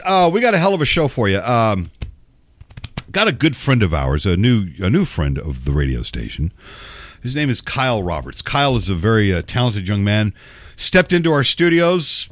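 A man hosting a talk radio show, rambling and sarcastic with plenty of cursing, getting over a cold and clearing his throat. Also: mid-range voice, dry recording. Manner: sarcastic, profane, rambling with restarts. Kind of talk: casual talk radio monologue.

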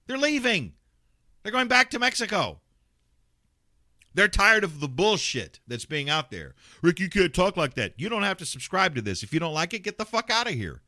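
A man's voice: sits high, very animated, moderate pace, sharp tone, dry recording, studio quality. A man hosting a talk radio show, ranting bluntly and sarcastically with plenty of swearing. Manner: mocks callers in put-on voices.

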